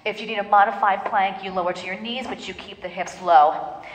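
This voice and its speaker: A woman's voice: mid-range voice, steady tone, brisk. Woman coaching a pilates class. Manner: encouraging, counts reps, coaching a class in the room. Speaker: pilates instructor. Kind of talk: live class instruction. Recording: roomy hall reverb.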